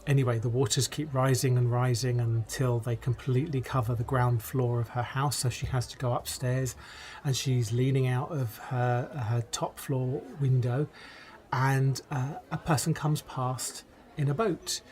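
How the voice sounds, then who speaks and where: A man's voice: medium pitch, unhurried. Wry man telling a story. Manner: relaxed and wry, laughs at his own jokes. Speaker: podcast host. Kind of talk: conversational podcast storytelling.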